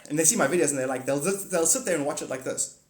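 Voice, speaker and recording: A man's voice: fairly high pitch, fast talker, roomy sound. A man hosting a casual livestream, talking to viewers in a rambling, blunt and profane way. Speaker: livestream host.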